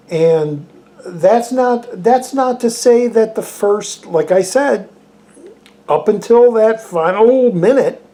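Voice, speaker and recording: Lively-pitched exasperated male movie reviewer. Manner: exasperated, profane, rambling. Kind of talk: casual ranting review.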